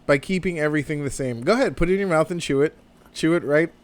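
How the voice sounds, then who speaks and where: A man co-hosting a casual wrestling podcast, profane and quick to laugh. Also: fairly high pitch. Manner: profane, laughs a lot, animated. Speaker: podcast co-host.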